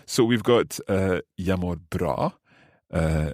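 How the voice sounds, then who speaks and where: A man with a very low voice hosts a language lesson podcast, playing the learner. He asks curious questions, repeats new words slowly and laughs easily. The sound is dry and close, with no room echo. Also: darkish tone. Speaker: host and learner.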